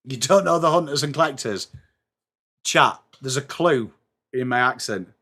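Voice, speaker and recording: A man's voice: mid-range voice, moderate pace, bright, forceful tone. A young English man hosting a live sports watchalong, chatting to his viewers in a self-mocking way and reading trivia aloud. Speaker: livestream host.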